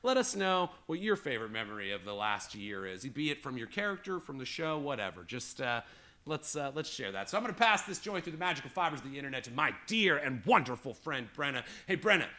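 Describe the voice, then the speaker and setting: A man's voice: medium pitch, sing-song, fast talker, pushed and bright. A man hosting a live tabletop game stream, talking in a rambling, heartfelt way full of fillers. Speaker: game master and show host. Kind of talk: livestream show introduction.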